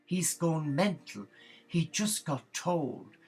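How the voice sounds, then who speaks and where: A man telling a comic story in a gossipy, animated way. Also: fairly high pitch, slow pace, soft background music, poor audio.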